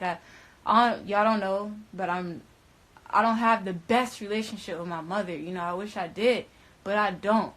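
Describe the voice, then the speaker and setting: A woman's voice: medium pitch, moderate pace, a bit bright, poor audio. Emphatic young woman telling a story. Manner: emphatic, profane, slangy, repeats herself and stumbles over words. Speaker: storyteller recounting a personal ordeal. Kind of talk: casual storytelling to camera.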